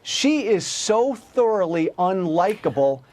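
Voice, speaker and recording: High-pitched, emphatic male commentator. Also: very animated, slow pace, darkish tone. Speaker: political commentator, former congressman. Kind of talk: opinionated panel commentary.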